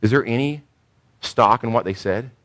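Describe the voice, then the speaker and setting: A man's voice: mid-range voice, moderate pace, a bit bright. A man preaching a sermon to a congregation, emphatic, repeating key points and asking rhetorical questions. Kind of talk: sermon teaching.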